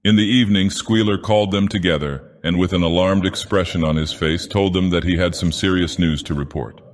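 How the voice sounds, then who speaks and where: A man narrating an audiobook in character as an ancient menacing god-villain, with a grave, deliberate delivery. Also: low voice, close to an everyday voice. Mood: ominous. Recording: long hall reverb.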